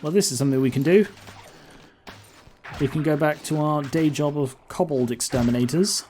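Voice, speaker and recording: A man's voice: on the high side, moderate pace, darkish tone, a little hiss or hum. A man hosting a let's-play, chatting casually and thinking aloud as he plays. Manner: rambling, thinks aloud with fillers and asides. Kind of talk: casual game commentary.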